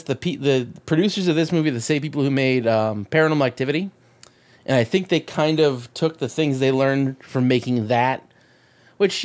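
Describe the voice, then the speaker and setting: A man co-hosting a casual chat, recapping a film with swearing, jokes and quick acted-out voices. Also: medium pitch. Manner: profane, jokey, acts out quick voices mid-recap. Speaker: podcast co-host.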